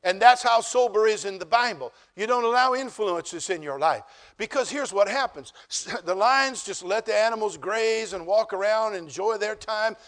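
High-voiced preacher, loud and quiet by turns. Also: male voice, moderate pace. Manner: swings from quiet asides to loud emphatic preaching; humorous, conversational storytelling. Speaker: pastor. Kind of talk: sermon.

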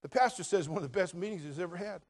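High-voiced older man preaching loudly. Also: very fast. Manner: swings from quiet asides to loud emphatic preaching; folksy, jokey, addresses crowd as brother. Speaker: pastor. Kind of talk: sermon.

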